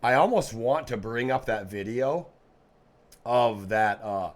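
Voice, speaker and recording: A man co-hosting a podcast, talking in a halting casual way with many fillers. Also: medium pitch. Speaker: podcast co-host. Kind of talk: casual reaction chat.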